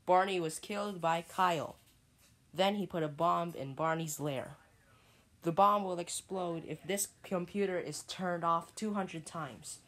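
A woman's voice: fairly low pitch, a little slow, fairly bright tone. Woman giving stern, repetitive computer warnings. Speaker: error message announcer. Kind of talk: scripted computer warning announcement.

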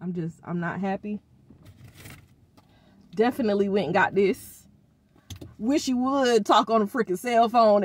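Middle-aged woman vlogger, venting and slangy, slow delivery, dry close sound. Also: medium pitch, no echo. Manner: exasperated, venting about her kids; expressive, uses informal slang. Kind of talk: casual vlog rant.

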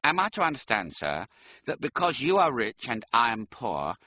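A man's voice: mid-range voice, huge pitch swings, normal speed, bright, forceful tone, no echo, highs cut off, exaggerated voice. A man voicing a haughty, formal male valet who speaks in clipped, dry replies. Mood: stiff.

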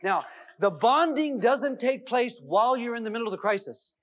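Middle-aged guy on an old self-help tape, high voice, muffled lo-fi sound, animated storytelling. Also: normal speed. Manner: animated, comic anecdotes with many fillers. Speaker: seminar speaker. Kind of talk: humorous storytelling talk. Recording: dull lo-fi 1990s videotape sound.

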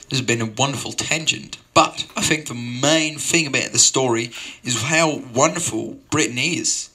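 Pushed and bright with a breathy edge, this medium-pitched male voice moves at normal speed. He delivers an improvised comic monologue, a meandering and absurd open-mic tale told with mock sincerity as he drifts between tangents. He finishes by fumbling through a sign-off full of fillers.

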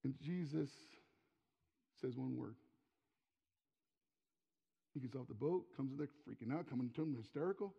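A pastor in his forties preaching a sermon in a church sanctuary, emphatic and given to repeating words, often dropping to a quiet, intimate tone. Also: medium pitch, normal speed, vocal fry, pauses often, husky. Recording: long hall reverb, dull lo-fi sound.

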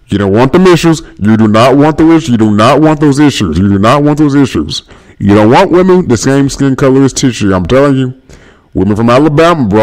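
Young man host giving livestream shout-outs. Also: fairly low pitch. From Northern California. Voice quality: voice that viewers single out as striking. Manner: loose and jokey, rattling off shout-outs. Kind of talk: casual livestream chat reading comments aloud.

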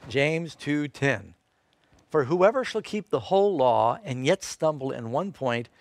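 A man's voice: fairly high pitch, animated, measured pace, dry recording. A man preaching a sermon, telling a scripture story and quoting verses, lifting his voice for emphasis. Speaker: pastor.

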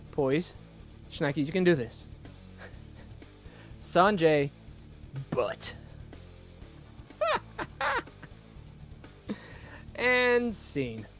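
A young man hosting a gaming video, giving excitable, jokey let's-play commentary and laughing often. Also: high-pitched, extremely slow, long pauses, faint music behind. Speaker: gaming channel host.

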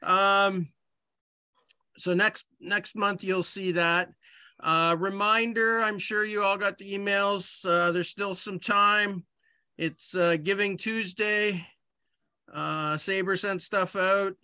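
Canadian guy on a video call, high bright voice, chatty with little jokes, lots of ums. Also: steady tone, slow, clear, resonant tone, no room sound. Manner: chatty, joking asides, many fillers. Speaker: committee member opening a meeting. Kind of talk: casual meeting talk. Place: home office on a video call. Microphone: computer mic on a video call.

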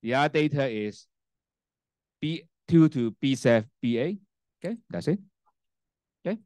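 A lecturer, male and a first-language Cantonese speaker, gives a university class with a spreadsheet demo, repeatedly checking "okay?" and "right?" and starting sentences over. His mid-range voice has lively intonation, a slightly mellow quality, and a normal speed. The sound is clean and studio-like with no echo, captured on a handheld mic he occasionally puts down.

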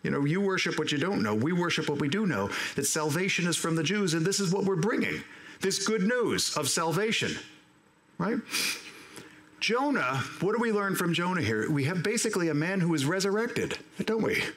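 A man preaching a sermon as pastor, animated and acting out the voices of the people he quotes. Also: sits high, normal speed. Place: church sanctuary. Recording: roomy church echo.

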